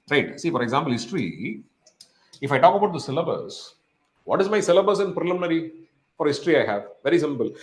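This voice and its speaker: Man, from India, teacher, lecture to students, slightly high pitch, roomy echo. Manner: repeats "say, for example" and asks "am I right?". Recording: echoey room.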